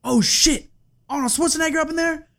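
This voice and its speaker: A man doing a brash, excited rapper impression. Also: very high voice, a little fast, creaky, pitched above the performer's own voice, heavily acted.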